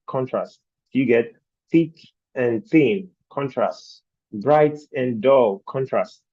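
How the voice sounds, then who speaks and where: A man's voice: mid-range voice, mellow, no echo, highs cut off. A man teaching design principles in a virtual training session, explaining patiently and asking rhetorical questions of his class. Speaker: design instructor.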